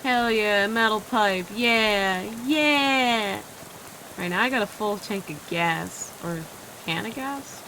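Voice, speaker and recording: A woman's voice: mid-range voice, noisy background. A woman streamer reading a game's text and narration aloud, adding casual asides as she plays. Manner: reads narration briskly, adds casual asides.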